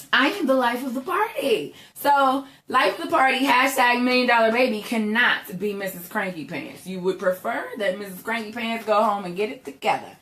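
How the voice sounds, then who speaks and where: A woman's voice: fairly high pitch, pushed and bright, roomy sound. A young woman giving a chatty motivational talk to her viewers, emphatic and repeating "right?" constantly. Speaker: entrepreneur vlogger.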